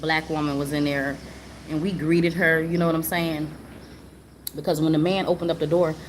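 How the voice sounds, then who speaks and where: A woman's voice: sits low, flat delivery, normal speed. A woman telling a personal story in a casual way, earnest and repetitive, often checking in with the listener. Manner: earnest and repetitive, often asks the listener "you know what I'm saying?". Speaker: live stream host. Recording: noticeable background noise.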